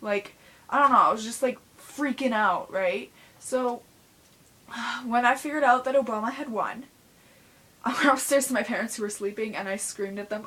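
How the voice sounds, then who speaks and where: A woman's voice: a little high, moderate pace, pushed and bright. A young woman rambling frankly in a casual vlog, full of fillers and blunt asides. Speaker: vlogger.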